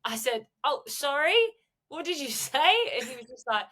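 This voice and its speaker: A woman's voice: high-pitched, moderate pace, bright, forceful tone. A young woman, co-hosting a podcast in casual chat and acting out the voices in her stories. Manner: chatty storyteller, acts out quotes. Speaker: podcast co-host.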